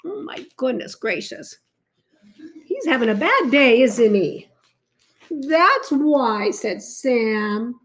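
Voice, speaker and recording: A woman reads a picture book aloud to a child, her voice high and her pace slow and unhurried. She breaks off the story often to exclaim and ask the child about the pictures, keeping it animated. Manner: animated, talks to a child between pages. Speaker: reader to a child.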